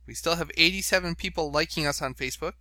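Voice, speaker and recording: A podcast host chats casually, reading out web pages and laughing often. His voice is on the high side, pushed and bright, and he talks quickly. The recording has no room sound.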